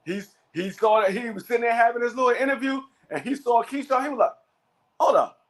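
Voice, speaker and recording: Guy with a pretty high voice hosting a sports talk show, keeps stammering and restarting, laid back chat. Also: quick pace, a bit bright. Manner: stammering restarts, repeats words before finishing a thought. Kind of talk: casual chat.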